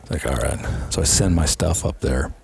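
A man's voice: rumbling low, a little fast, creaky, darkish tone, husky. A middle-aged man, a strength and conditioning coach, earnestly telling career stories in an interview and acting out past conversations. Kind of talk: casual interview storytelling.

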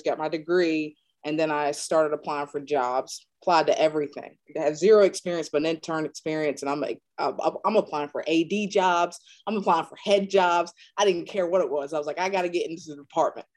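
A woman's voice: brisk, few pauses. A woman in her thirties from North Carolina, a strength and conditioning coach, casually telling stories in an interview and acting out the people she quotes. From North Carolina, USA. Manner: animated, acts out quoted dialogue with big pitch jumps.

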